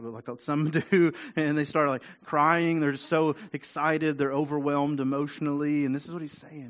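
A man preaching a sermon in a conversational way, often repeating words and rising louder for emphasis. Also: medium pitch. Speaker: pastor.

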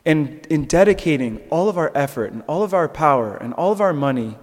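A man's voice: a little high, fairly quick, in a large hall. A young man giving a conversational sermon reflection, with fillers and restarts. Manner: conversational, with fillers and restarts, animated when telling stories. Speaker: preacher.

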